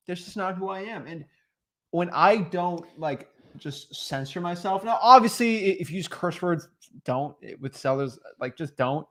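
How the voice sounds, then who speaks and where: Young guy talking real estate deals, kinda high voice, animated, mimics sales pitches. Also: brisk. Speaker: co-host, real estate wholesaler. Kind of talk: casual coaching chat.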